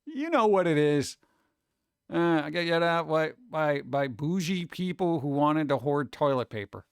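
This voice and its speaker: A man's voice: a little high, lively intonation, moderate pace, smooth, no echo, clean studio sound. A man streaming live, chatting casually and reading chat messages, rambling and joking with a sarcastic edge.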